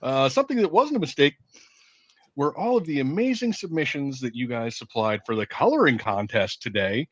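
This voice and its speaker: A joking man co-hosting a live stream, teasing and chuckling as he reacts. His voice swings lively in pitch and comes through a dull, dry lo-fi mic. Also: moderate pace, dry recording. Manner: joking, teasing, laughs between remarks. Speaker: co-host. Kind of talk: casual live-stream chat.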